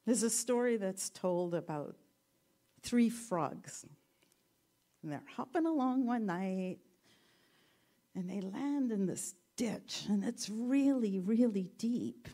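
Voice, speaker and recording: A woman giving a gentle, reflective talk and telling a story, with self-deprecating humor. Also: mid-range voice, animated, slow pace, long pauses.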